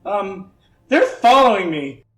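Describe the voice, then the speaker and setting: A man's voice: high voice, big pitch swings, slow, soft background music, heavily acted. A man voicing a flustered young student mage. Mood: nervous. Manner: flustered, rambling, laughing nervously. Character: nervous young male doctoral student mage. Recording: roomy echo.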